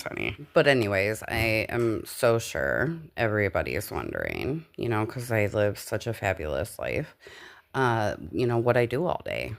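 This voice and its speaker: A woman's voice: a bass voice, normal speed, creaky. A young adult woman recording a casual voiceover at home, talking candidly with lots of swearing and stopping now and then to catch her breath. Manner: candid, profane, rambling and animated. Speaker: vlogger. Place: dark living room at home. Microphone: home voiceover mic.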